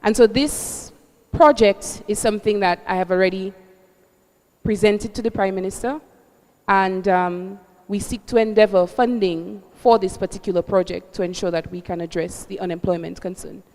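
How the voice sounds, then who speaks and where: A woman's voice: medium pitch, fairly even intonation, moderate pace, darkish tone, long reverb tail. A woman, a candidate earnestly answering a question at a public forum, checking in with "right?". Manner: earnest, uses tag questions. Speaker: election candidate. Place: public meeting hall.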